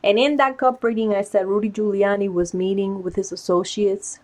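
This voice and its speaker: A woman's voice: mid-range voice, moderate pace. A woman tarot and cup reader talking in a casual vlog, insistent and getting worked up, repeating herself for emphasis. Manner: excited, insistent, gets worked up.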